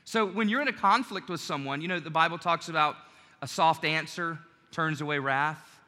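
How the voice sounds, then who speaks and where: Bright-voiced male pastor in a reverberant hall. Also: fairly high pitch, moderate pace. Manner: conversational preaching, acts out quoted lines. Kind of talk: sermon.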